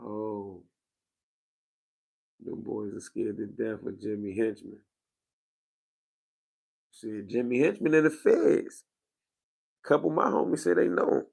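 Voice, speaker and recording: Gravelly low-voiced New man. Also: takes it slowly, pauses often, a little mellow. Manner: laid-back slangy talk, reacting to viewers. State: a little tired. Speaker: livestream host. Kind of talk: casual livestream chat. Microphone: wearing a microphone.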